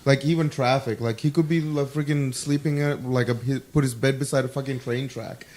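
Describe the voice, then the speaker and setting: A man's voice: medium pitch, fairly even intonation, fairly quick, a little mellow. A man in a casual podcast chat, rambling through an anecdote with lots of filler words and swearing. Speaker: podcast co-host.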